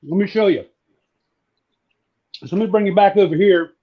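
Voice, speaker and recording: A man from southeastern Virginia, chatting casually while demonstrating how to fry catfish. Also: high voice, normal speed. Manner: folksy, relaxed, drawling. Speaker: cooking guest. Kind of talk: casual cooking demo on a live stream. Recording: dull lo-fi stream audio.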